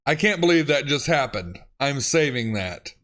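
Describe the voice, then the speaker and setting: At normal speed and medium pitch, with big swings in pitch and a fairly bright tone, a YouTuber reads autocorrect-fail texts aloud. He reacts by laughing frequently, swearing, and exclaiming through the lines.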